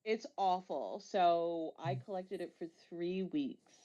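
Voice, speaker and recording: A woman's voice: fairly low pitch, slow, crowd noise. A woman telling a long story in casual chat, swearing and laughing as she rambles. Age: adult with a son. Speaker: storyteller on a live talk stream. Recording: dull lo-fi audio.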